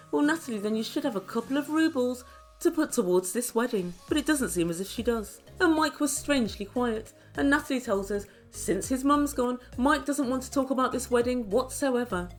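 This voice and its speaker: A woman giving an opinionated, sarcastic recap of a reality show, talking straight to her viewers. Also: on the high side. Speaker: reality TV reviewer. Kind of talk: chatty commentary recap.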